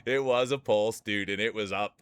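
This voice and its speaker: Low-voiced joking male stream commentator. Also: normal speed, smooth, no room sound. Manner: rambling, joking, laughs often. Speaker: streamer commentating marble races. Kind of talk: casual live-stream commentary and banter.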